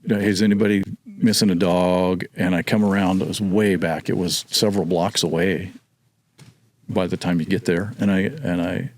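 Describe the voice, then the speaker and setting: A man's voice: sits low, steady tone, normal speed. A man in his sixties, a podcast guest, telling a childhood story in a rambling way and correcting his own memory as he goes. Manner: rambling, self-correcting recollection. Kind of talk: casual storytelling.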